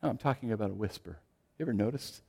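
Man preaching a sermon, loud to hushed. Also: fairly low pitch, rapid-fire, creaky, husky. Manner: dynamic, shifting from loud to hushed. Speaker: pastor.

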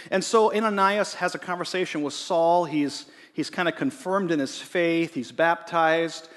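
A man's voice: fairly high pitch, normal speed, hardly any pauses, fairly bright tone. A man preaching a sermon in a conversational way, rising to emphatic readings of scripture. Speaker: pastor. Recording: long reverb of a large hall.

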